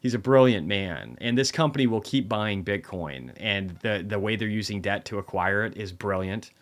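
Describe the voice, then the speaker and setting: A man's voice: lowish voice, normal speed. A tired man casually rambling through a market recap livestream, swearing often. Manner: profane, rambling, offhand.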